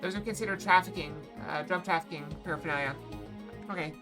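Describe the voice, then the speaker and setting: A woman's voice: on the low side, fast talker. A woman streamer giving casual let's-play commentary with rambling, joking asides. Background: loud game music.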